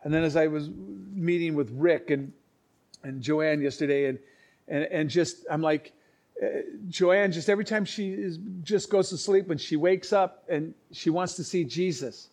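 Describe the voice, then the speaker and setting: Preacher guy telling stories, earnest, stumbles and restarts a lot, voice a bit on the high side. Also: a little mellow. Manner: earnest, halting, with many restarts and acted-out quotes. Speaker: pastor. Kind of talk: sermon storytelling.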